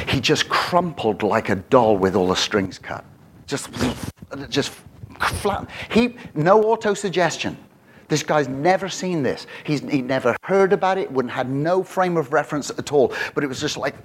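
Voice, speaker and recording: A man preaching a sermon, telling a story with lively quoted voices and frequent laughter. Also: medium pitch, slight background noise. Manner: animated, jumps into voices for quoted people, laughs often.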